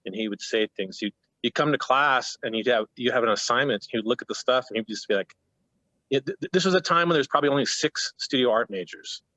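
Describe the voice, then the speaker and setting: A man's voice: mid-range voice, fast, bright, forceful tone, dry recording, low-quality recording. A man in his fifties, a painter on a panel, telling stories in a rambling, self-interrupting way over a video call. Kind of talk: casual panel talk.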